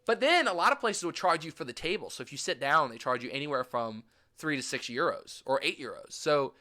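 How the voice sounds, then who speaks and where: A young American man recapping a trip in casual chat, animated and gushing, swearing freely. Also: fairly high pitch. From United States. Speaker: vlogger.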